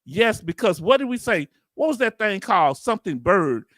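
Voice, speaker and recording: A man's voice: high voice, big pitch swings, normal speed, fairly bright tone, no room sound, clean studio sound. A middle-aged man, hosting a casual stream, joking and calling his viewers family. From United States. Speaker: YouTube host reacting to a hearing. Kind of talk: casual live-stream chat reading comments.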